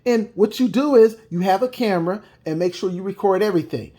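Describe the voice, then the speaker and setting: A man's voice: sits high, fast talker, dark tone. A man giving emphatic reaction commentary, repeating his points and adding mocking asides. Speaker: video commentator.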